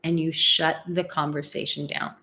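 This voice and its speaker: A woman's voice: low-pitched, little pitch movement, moderate pace, bright, forceful tone. A woman hosting a live advice talk, chatting casually with many "like" fillers and acting out example phrases. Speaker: relationship advice host.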